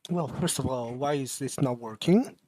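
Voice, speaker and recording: A man livestreaming while he programs, thinking aloud in a mumbling, halting way and questioning himself as he goes. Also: mid-range voice, warm tone, dry recording.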